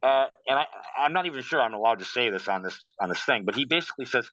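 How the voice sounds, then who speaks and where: Man, casual interview talk, animated storyteller, dry muffled sound. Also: medium pitch, fast talker, dry recording. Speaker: guest practitioner.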